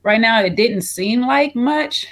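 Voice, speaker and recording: A woman's voice: a little high, animated, slow pace, a bit bright. A woman co-hosting a casual review podcast, recounting scenes in a chatty way with many fillers. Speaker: podcast co-host.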